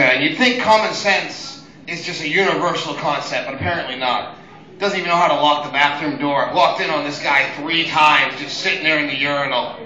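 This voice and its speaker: Young man, stand-up comic, high voice, crude exasperated storytelling, echoey room. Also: sharp tone. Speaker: stand-up comedian. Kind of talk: open mic stand-up.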